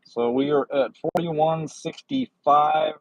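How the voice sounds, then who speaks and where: A man's voice: on the high side, fairly even intonation, slow, dry recording, low-quality recording. Easygoing man chatting from his car. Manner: easygoing, chatty, jokes at himself. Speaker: livestreaming delivery driver. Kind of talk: casual live chat, answering viewers' comments. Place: in a car while driving.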